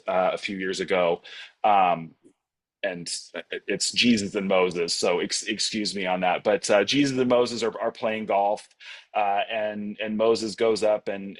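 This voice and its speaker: A man giving a Buddhist dharma talk in a relaxed, rambling way, with many fillers and restarts, over a video call. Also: on the low side. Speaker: Buddhist teacher.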